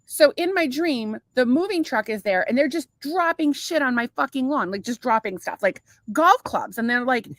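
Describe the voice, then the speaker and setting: A woman telling stories on a podcast in a loose, rambling, profane way. Her voice sits a little high and sounds dry and close, with no room echo. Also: animated, moderate pace, hardly any pauses, a bit bright. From United States. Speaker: podcast co-host. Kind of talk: casual married-couple chat. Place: home in Florida.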